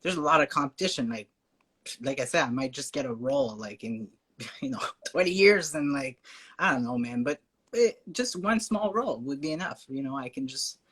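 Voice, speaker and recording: A man with a French Canadian accent, chatting as a guest in a casual conversation, hesitant with fillers and quick to laugh. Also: medium pitch, lively intonation, a bit bright, husky.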